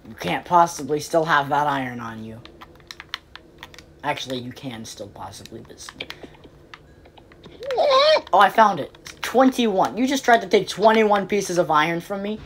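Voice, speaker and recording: Low-voiced woman ranting playfully while gaming. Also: animated, a little hiss or hum. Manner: playfully exasperated, rambling, quick pleading outbursts. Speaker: game player. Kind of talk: casual game commentary.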